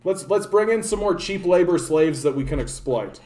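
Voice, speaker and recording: Sitting high in pitch, with lively intonation, a moderate pace and a slightly mellow quality, this is a Canadian man streaming political commentary. As a political streamer, he rambles profanely, filling his speech with "like" and frequent restarts.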